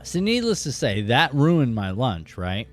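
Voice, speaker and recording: Casual male stream host, mid-pitched, rambling storyteller, animated bursts, faint music bed. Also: measured pace. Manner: rambling, chatty, lots of "you know what I mean"; animated, jumps into high excited bursts. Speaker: host of a fishing live stream.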